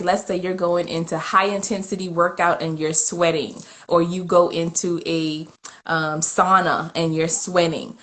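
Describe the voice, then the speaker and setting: A woman's voice: on the low side, a bit bright. A woman guest in an interview, giving earnest, explanatory advice and leaning on everyday analogies. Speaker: guest, communication expert. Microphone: phone or webcam on a live video call.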